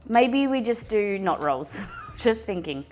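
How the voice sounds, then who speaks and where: An Australian woman hosting a casual cooking livestream, chatty and excitable as she talks to her chat. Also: medium pitch, takes it slowly, soft background music.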